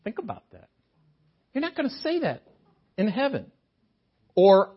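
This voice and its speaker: An older man delivers a sermon in a chapel, swinging his pitch up and down as he jokes with the congregation. His voice is husky, and the recording sounds dull and lo-fi. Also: moderate pace, long pauses. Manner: animated, joking with the congregation. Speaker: guest preacher. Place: chapel sanctuary.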